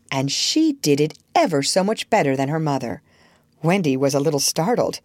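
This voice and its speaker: A woman narrating a storybook aloud in an expressive, gently wistful way. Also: sits low, normal speed, dry recording, studio quality. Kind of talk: storybook reading.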